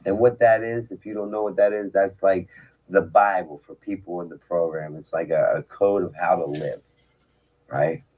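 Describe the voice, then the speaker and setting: A man's voice: sits low, fairly even intonation, normal speed, darkish tone, husky, muffled recording. A man giving a candid, emphatic talk about his past, with frequent rhetorical asides. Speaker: speaker telling his recovery story. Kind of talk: personal storytelling talk.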